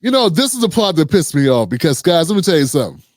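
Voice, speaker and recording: A man's voice: a little high, very animated, quick pace, no echo, studio quality. A man hosting a reaction commentary show, blunt and sarcastic, talking straight to his viewers. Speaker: commentary host.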